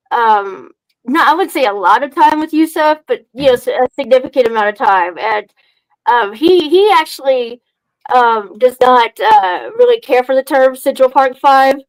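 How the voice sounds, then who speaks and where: A woman's voice: high-pitched, no echo, low-quality recording. A woman chatting as a podcast guest, hesitant and full of fillers. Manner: hesitant, many fillers and restarts. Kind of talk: casual chat.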